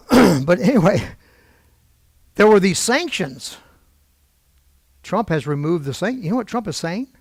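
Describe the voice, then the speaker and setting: A middle-aged man teaching a Bible prophecy class in an animated, digressive way, with frequent exclamations. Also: sits high, a little slow, long pauses, breathy edge, dry recording, clean studio sound. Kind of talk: informal Bible lesson.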